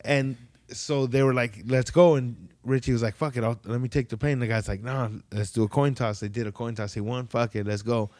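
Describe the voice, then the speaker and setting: A man's voice: mid-range voice, brisk, no echo. A man telling stories in casual podcast chat, swearing freely and acting out the people he quotes. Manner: profane storytelling, animated quoted voices.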